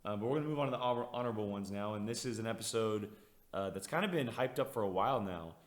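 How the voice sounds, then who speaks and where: A man hosts a relaxed podcast conversation and steers it from one topic to the next with keen enthusiasm. His voice sits a little low, and the recording carries a roomy echo. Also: fast. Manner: enthusiastic, leads the segments. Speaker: podcast host. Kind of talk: casual podcast chat.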